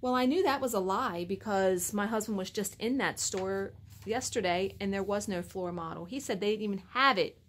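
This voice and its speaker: A woman's voice: mid-range voice, moderate pace, few pauses, a little hiss or hum. Exasperated woman telling a story. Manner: animated, exasperated retelling with acted-out quotes. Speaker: cross stitch vlogger. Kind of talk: casual storytelling to camera.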